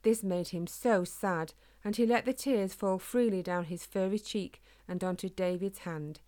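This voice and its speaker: A woman reading a children's storybook aloud in a calm, gentle, steady way. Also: medium pitch, a little slow. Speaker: narrator.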